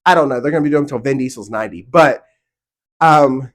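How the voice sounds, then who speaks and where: A man's voice: medium pitch, fairly quick. A middle-aged man vlogging from a home studio, talking to camera in a casual, opinionated, emphatic way with mock outrage. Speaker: theme park vlogger.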